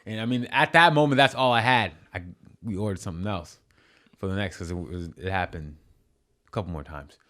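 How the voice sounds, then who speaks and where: A young man casually telling a story as a podcast guest, animated and profane, with lots of restarts. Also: low voice, a little fast. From New York City.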